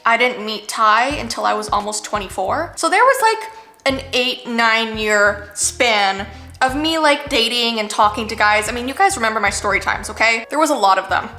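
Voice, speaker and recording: A woman's voice: fairly high pitch, animated, moderate pace, sharp tone, reverberant, faint music behind. A woman in her thirties answering viewer questions in a candid, chatty vlog, saying "like" a lot. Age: 30s. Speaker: YouTuber. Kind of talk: casual Q&A vlog.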